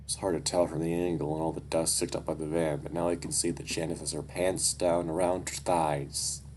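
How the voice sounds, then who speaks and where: A man's voice: deep voice, flat delivery, a little fast, darkish tone, slight background noise. A young man reading a story aloud and breaking off into casual, candid, profane asides. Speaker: story reader.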